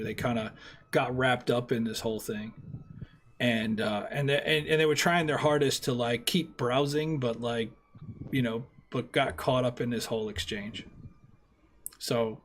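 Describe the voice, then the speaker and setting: A man running a tabletop role-playing session, describing the scene with a loose, rambling flow. His voice sits at a medium pitch, and he piles on fillers as he narrates. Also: slight background noise. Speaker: game master.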